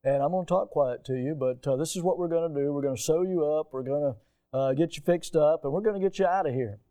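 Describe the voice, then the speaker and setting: A preacher quoting a calm, quiet-spoken doctor. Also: male voice, fairly high pitch, fast talker, smooth, voice pushed down, lightly acted. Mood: soothing. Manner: quiet and soothing. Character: calm male emergency doctor speaking gently.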